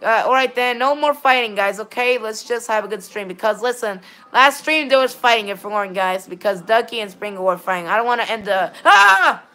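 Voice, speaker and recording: A woman's voice: mid-range voice, fairly quick, fairly bright tone. A woman chatting casually with viewers while streaming a game, often stammering, restarting and saying "all right, then". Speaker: gaming livestreamer. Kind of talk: casual livestream chat with viewers.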